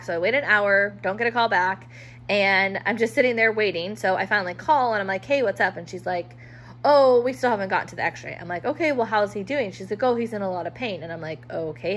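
A woman's voice: mid-range voice, a bit bright, a little hiss or hum, low-quality recording. A woman telling a casual storytime vlog about her dog, frustrated, acting out both sides of past conversations.

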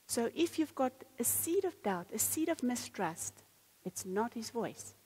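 A woman's voice: on the high side, big pitch swings, unhurried, a little mellow, slightly rough, big-room sound, low-quality recording. A woman preacher giving a sermon, reading scripture aloud and then explaining it earnestly.

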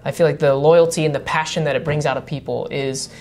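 A man's voice: on the high side, fairly even intonation, fast talker, darkish tone, slight background noise. A young man co-hosting a morning devotional radio show as a worship leader, speaking in a thoughtful, earnest way. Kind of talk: casual devotional radio chat.

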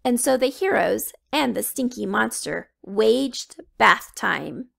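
A woman reading a children's storybook aloud, slow and expressive. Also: a little high, creaky. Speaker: children's book reader.

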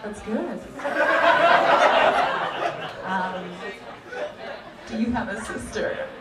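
Young woman, hesitant and quiet, slow pace, distant echoey club, loud crowd. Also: medium pitch. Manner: quiet, hesitant, many ums. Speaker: stand-up comic. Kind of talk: crowd work. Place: small comedy club.

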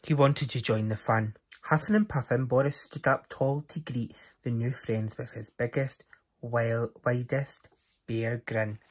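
A man reading a children's story aloud, his mid-range voice lively and expressive. He tells the story with care, as for young listeners. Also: medium pitch, a little slow.

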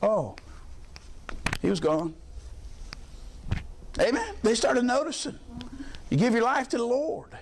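High-voiced preacher man. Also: very animated, takes it slowly, pauses often, slight background noise. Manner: folksy storytelling, colloquial preaching with frequent amens. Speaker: pastor. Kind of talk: sermon.

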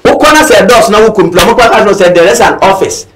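A Ghanaian man with a high voice talks politics in a fervent, repetitive way, switching between Twi and English. He drives each point home again and again. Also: fast talker, fairly bright tone, a little hiss or hum, poor audio. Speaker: political commentator. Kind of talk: impassioned political talk.

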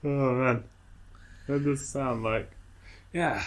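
A man co-hosting a podcast, telling relaxed stories in casual chat and acting out the quotes. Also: medium pitch, takes it slowly. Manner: relaxed storyteller, acts out quotes. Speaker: podcast co-host.

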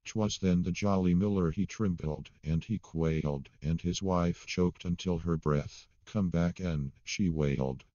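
A man reading a comic ballad aloud in a steady storytelling manner. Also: low voice, measured pace, hardly any pauses, no room sound, lo-fi sound. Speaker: poetry reader.

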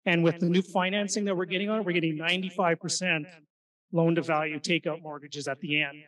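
A man gives an energetic seminar talk to a live crowd, firing questions at the audience. His voice sits high for a man. He sounds some way off the microphone in a meeting room. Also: fairly quick, distant mic, poor audio. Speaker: real estate investing presenter. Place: meeting room at an investor event.

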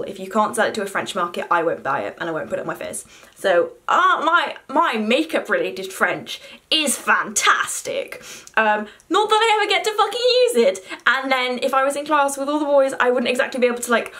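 A woman's voice: medium pitch, pushed and bright. A young woman, chatting to camera in a self-deprecating, casual way with the odd swear word. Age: young adult. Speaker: vlogger.

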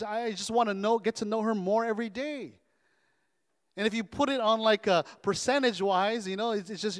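A pastor preaches with a high-pitched voice, animated and calling for amens from his church. His words carry the long, ringing reverb of a large sanctuary. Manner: animated, call-and-response preaching. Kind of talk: sermon.

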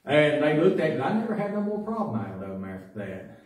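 A man preaching a sermon as pastor, telling folksy stories that build to loud preaching. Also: a little high, very animated, brisk. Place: church sanctuary. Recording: echoey church recording from a distance.

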